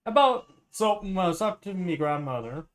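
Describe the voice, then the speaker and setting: Swearing streamer putting on an Irish accent. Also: male voice, high-pitched, very animated, a little fast. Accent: put-on Irish. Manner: swears often, laughs a lot, chatty asides to viewers. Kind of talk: casual livestream chat while cooking.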